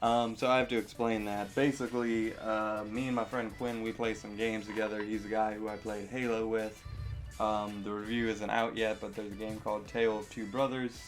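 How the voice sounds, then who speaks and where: A man's voice: fairly low pitch, little pitch movement, moderate pace, faint music behind. A young man casually answering viewer questions in a vlog, rambling with lots of fillers and self-deprecating asides.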